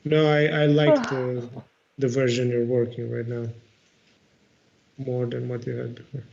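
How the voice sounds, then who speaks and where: Slow, gravelly man on lo-fi stream audio. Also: medium pitch, little pitch movement, a little mellow. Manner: halting, hunts for English words. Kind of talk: casual chat.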